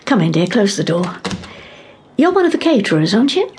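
An actress playing an older, wealthy wife in an audio drama, genteel and gently teasing, calling people dear. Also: female voice, medium pitch, big pitch swings, brisk, a little hiss or hum, lightly acted. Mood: gracious. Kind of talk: radio drama acting.

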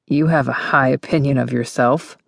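A smug young college guy who talks down and pushes his luck, as a woman narrator puts him on. His voice sits a touch lower and rounder than her own, in an audiobook read. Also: steady tone, moderate pace, gravelly, no room sound, clean studio sound, heavily acted. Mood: smug, pushy. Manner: condescending, pushy.

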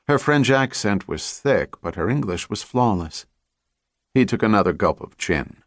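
Low-voiced male thriller narrator. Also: animated, normal speed, no room sound, clean studio sound. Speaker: audiobook narrator.

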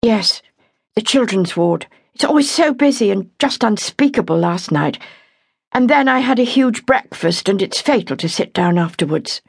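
A woman's voice: mid-range voice, animated, normal speed, vocal fry, slightly rough, no room sound, clean studio sound, voice pushed up. A woman voicing a young female nurse who talks frankly and cheerfully in a motherly way. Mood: chatty.

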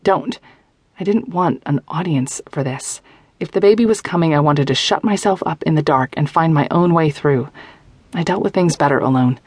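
A woman's voice: low voice, normal speed, a little mellow, husky, no room sound. Woman narrating a young-adult novel. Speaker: audiobook narrator. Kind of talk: first-person scripted narration.

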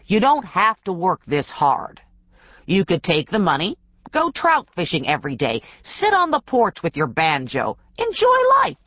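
A woman voicing a smooth male doctor coaxing an old man to sell. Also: fairly low pitch, wildly swooping pitch, measured pace, no echo, dull audio, heavily acted. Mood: persuasive. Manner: coaxing, persuasive.

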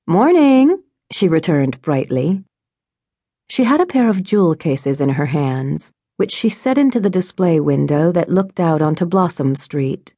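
A woman reading an audiobook in scripted narration, measured and even. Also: low-pitched, husky, no room sound, clean studio sound.

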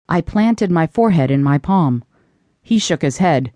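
Animated woman narrating an audiobook. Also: deep voice, unhurried, dry recording, studio quality. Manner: expressive, animated reading. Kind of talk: first-person audiobook narration.

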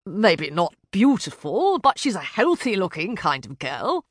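Woman doing a genial young aristocrat, lower voice, bluff, amiable, unhurried. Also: big pitch swings, no room sound, studio quality. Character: affable, clueless young aristocratic duke, man.

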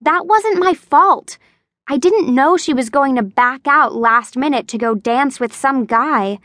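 Audiobook teen girl, defensive and raised in pitch, read by a woman, dry close sound. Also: a little slow, fairly bright tone, dry recording. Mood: upset. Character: teenage girl, defensive and upset. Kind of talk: audiobook character voice.

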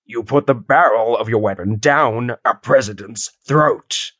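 A man's voice: mid-range voice, a little slow, fairly bright tone, breathy edge, no echo. Audiobook judge, stern and imperious, barks his lines, read by a man; dry studio. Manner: barking, growling. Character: stern imperious male judge, easily enraged. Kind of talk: audiobook character voice.

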